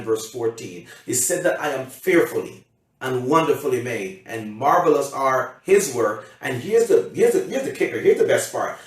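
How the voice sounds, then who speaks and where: Emphatic coach in a very echoey hall. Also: male voice, mid-range voice. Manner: emphatic, repetitive, keeps checking the audience understands. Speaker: motivational coach. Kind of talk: motivational seminar talk. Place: seminar room. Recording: heavy echo, from a distance.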